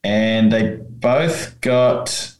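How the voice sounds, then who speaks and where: A man co-hosting a podcast in casual chat, measured and checking himself out loud. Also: fairly low pitch, echoey room. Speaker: podcast co-host, rules expert.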